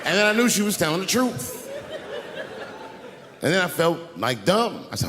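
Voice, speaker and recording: A man telling a profane, animated story in stand-up, acting out scenes. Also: sits high, normal speed, crowd noise. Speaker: stand-up comedian. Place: comedy stage. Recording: echoey live venue.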